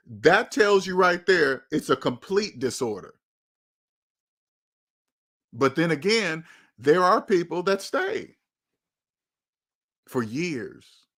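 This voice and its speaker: Blunt, emphatic man. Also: a little high. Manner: blunt, emphatic, repeats phrases for stress. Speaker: channel host. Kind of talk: candid advice monologue.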